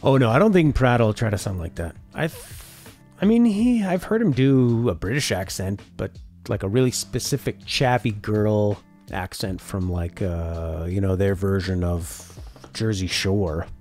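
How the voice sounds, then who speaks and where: A man with a low voice who swings his pitch around a lot as he chats through a live-stream reaction. He reads viewer comments out and answers them in a loose, talkative way, with faint music behind him. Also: animated, unhurried, a little mellow. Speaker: streamer reacting to a game showcase.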